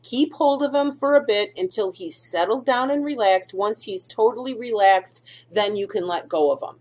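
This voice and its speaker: A woman's voice: mid-range voice, moderate pace, a little mellow. A middle-aged woman hosting a dog-care video, talking casually through instructions and often checking in with "okay?" and "do you see?".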